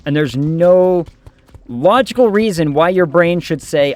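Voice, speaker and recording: A man co-hosting a gaming stream, talking in a relaxed and reflective way. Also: on the high side, measured pace. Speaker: streamer co-host. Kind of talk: casual chat while gaming.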